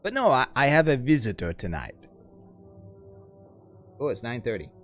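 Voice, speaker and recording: A man's voice: medium pitch, sing-song, moderate pace, fairly bright tone, faint music behind. A man streaming a game, reading its story aloud and joking about his own voices in a chatty, self-mocking way.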